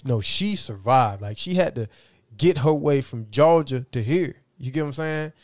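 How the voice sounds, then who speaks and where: A man's voice: on the high side, moderate pace, dark tone, no room sound, clean studio sound. A middle-aged man telling stories from his life in a rambling, casual way, often asking "you know what I'm saying". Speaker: interview guest. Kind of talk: casual storytelling.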